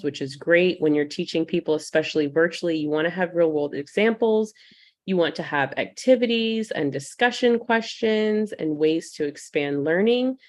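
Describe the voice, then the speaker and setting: A woman teaching a live virtual class, warmly greeting attendees by name and speaking with frequent ums. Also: sits low. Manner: uses fillers like um. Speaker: online course instructor.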